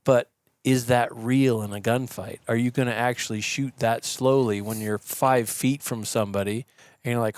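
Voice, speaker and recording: A man with a mid-pitched voice talks through shooting technique as a podcast guest, lively and chatty. He explains in a casual way and acts out the people he quotes. The sound is dry and close, with no room echo. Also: normal speed. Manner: animated storyteller, acts out quoted yelling. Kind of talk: conversational explaining. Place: podcast studio.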